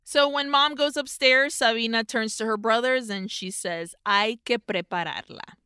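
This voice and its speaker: A woman's voice: on the high side, normal speed, pushed and bright, smooth, no echo, studio quality. A woman co-hosting a podcast, animatedly retelling a film plot in casual chat and slipping Spanish words into her English. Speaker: podcast co-host.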